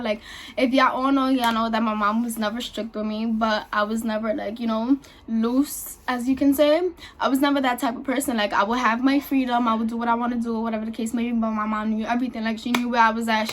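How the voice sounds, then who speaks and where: A young woman, casually telling a personal story to her channel, chatty and full of fillers. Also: a little high. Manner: chatty, lots of fillers and "y'all". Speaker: vlogger.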